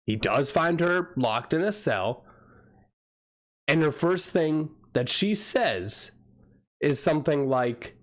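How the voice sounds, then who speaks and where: A man's voice: fairly high pitch, animated, slow. Rambling, crude-joking young male streamer. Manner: rambling, crude jokey asides. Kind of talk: casual livestream game commentary.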